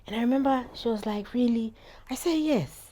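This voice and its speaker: A woman in her thirties with a Ghanaian accent, a guest on an interview show, telling her story in lively, animated talk. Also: on the high side, quick pace. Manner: animated storyteller, acts out quoted voices. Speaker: guest, cake business founder.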